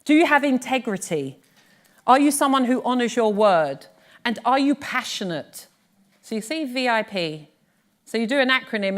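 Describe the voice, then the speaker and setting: A middle-aged British woman giving a live workshop talk on pitching, chatty and lively, teasing her audience. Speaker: business speaking coach. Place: workshop room before an audience.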